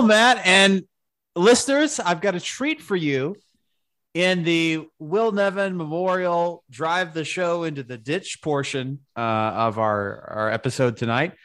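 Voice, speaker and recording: A man co-hosting a podcast, bantering casually with profane jokes. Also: fairly high pitch. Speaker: podcast co-host.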